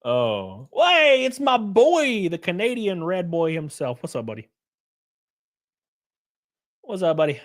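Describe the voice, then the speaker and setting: A man hosting a livestream, answering chat messages in a brash, profane, animated way. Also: high-pitched, slow, pauses often. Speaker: livestream host reading chat.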